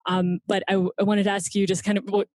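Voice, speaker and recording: A woman's voice: medium pitch, level tone, fast, darkish tone, dry recording. A woman hosting an interview, agreeing readily and casually and sometimes searching for words with fillers. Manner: friendly, agreeing, hesitant with fillers. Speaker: interview host.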